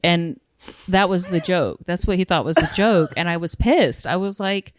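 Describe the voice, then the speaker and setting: A woman's voice: on the low side, moderate pace, dry recording, studio quality. A woman, a guest comedian, telling stories on a casual podcast, acting out quotes and swearing freely.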